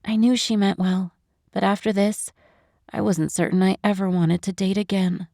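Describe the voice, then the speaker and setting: Female audiobook narrator, gentle measured read, dry close sound. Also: mid-range voice, steady tone, vocal fry, dry recording. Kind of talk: scripted narration.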